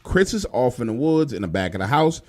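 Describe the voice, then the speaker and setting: A worried wife stands at her door, voiced by a male storyteller in his own register, asking anxious and halting questions. Her concern comes through in the hesitation. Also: medium pitch, big pitch swings, darkish tone, close to an everyday voice.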